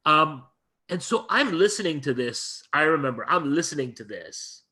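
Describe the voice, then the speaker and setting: A man's voice: on the high side, animated, moderate pace, pushed and bright, slightly rough. A male guest lecturer in an interview, retelling a story earnestly and emphatically, often restarting his phrases.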